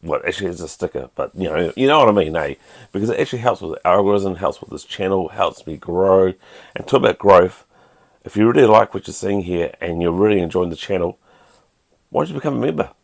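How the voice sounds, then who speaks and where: Host, New Zealand accent, middle-aged man, low gravelly tone, casual self-deprecating hobby vlog delivery. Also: lively intonation, fast. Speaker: toy collector channel host.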